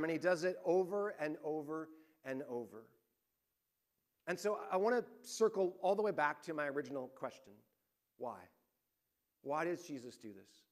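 A male pastor preaching a sermon, telling stories in a lively way that swings between rising emphasis and hushed, quiet points. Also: medium pitch.

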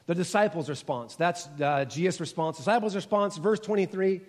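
A man in his forties delivers a church sermon at a stage microphone. His voice sits a little high and swings between loud, insistent repetition and low, hushed stretches. A long reverb trails after every line. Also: fairly quick. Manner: rising to emphatic repeated exhortations, dropping low and soft at times. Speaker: pastor.

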